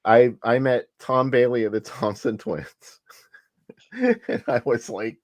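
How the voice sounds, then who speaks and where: A man's voice: medium pitch, very animated, slow pace, dry recording. A man hosting a casual chat, laughing often as he tells stories. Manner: chatty, laughs often, storytelling. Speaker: host.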